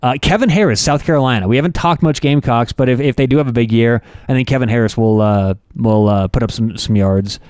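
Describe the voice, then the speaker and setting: A man's voice: medium pitch, fast talker, few pauses, darkish tone, smooth, no room sound, clean studio sound. A man co-hosting a casual sports talk show, loose and rambling with plenty of fillers. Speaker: co-host.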